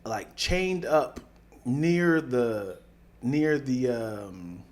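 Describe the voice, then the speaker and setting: A young man co-hosting a podcast, chatting casually and telling animated stories, sometimes slipping into playful mock voices. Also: mid-range voice, drawn-out words. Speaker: podcast co-host. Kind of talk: casual chat.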